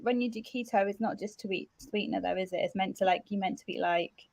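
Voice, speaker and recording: A woman's voice: medium pitch, fast talker, vocal fry, a little mellow, dry recording. A woman co-hosting a casual chat, speaking hesitantly with trailing ums. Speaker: podcast co-host.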